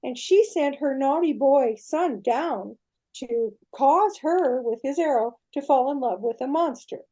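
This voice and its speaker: An older woman, a guest on a podcast interview, retelling a myth in an animated way and often checking in with her listener. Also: high voice, a little slow.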